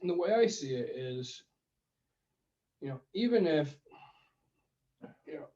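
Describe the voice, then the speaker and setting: A man's voice: on the high side, takes it slowly. A male podcast co-host in casual chat, giving money advice and acting out phone calls as he tells stories. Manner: animated storyteller, acts out phone calls. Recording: roomy, distant, dull sound.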